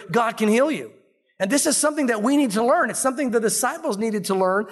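High-voiced male pastor preaching. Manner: animated storytelling, acts out quoted voices. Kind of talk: sermon.

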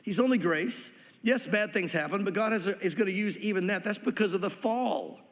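Man, pastor, high voice, animated sermon, echoing hall. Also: fairly quick. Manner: animated, acts out voices in quoted lines.

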